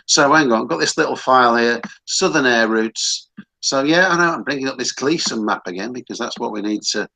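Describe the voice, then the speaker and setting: A man's voice: mid-range voice, a little fast, creaky, pushed and bright, low-quality recording. A man hosting a casual online talk show, chatty and rambling, with frequent restarts. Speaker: host.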